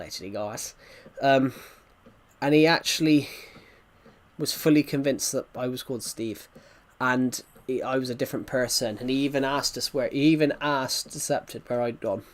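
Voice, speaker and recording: A man, a gaming streamer, telling a story in casual chat with rambling restarts. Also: medium pitch.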